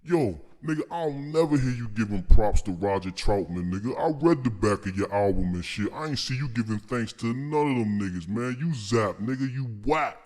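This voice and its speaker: This Staten Island, New York man talks at a normal speed with hardly any pauses, his medium-pitched voice animated and darkish. Facing the camera, he boasts, curses, confronts people and calls them out in a comic rant.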